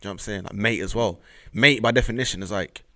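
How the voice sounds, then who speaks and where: A young man co-hosts a laid-back chat. His voice sits low, and he talks quickly in slangy, joking bursts. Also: sharp tone. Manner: slangy and jokey, ends phrases with "man". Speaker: podcast co-host. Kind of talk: casual chat.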